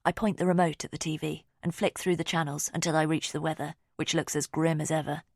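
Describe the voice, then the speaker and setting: A woman reading a thriller audiobook in calm, measured first-person narration. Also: low-pitched, vocal fry, no room sound, studio quality.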